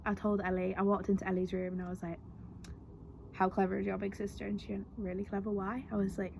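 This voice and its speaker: Earnest young woman with a flat voice. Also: medium pitch, brisk, slight background noise. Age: young adult. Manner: chatty, earnest, lots of "like". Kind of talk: personal vlog storytelling.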